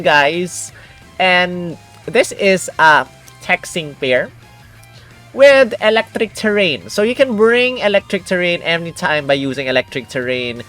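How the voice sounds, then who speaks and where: A woman hosts a game guide video in a relaxed, talkative way, explaining things step by step and calling her viewers guys. Her voice sits low for a woman. Quiet guitar music plays faintly behind her. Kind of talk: casual game guide commentary.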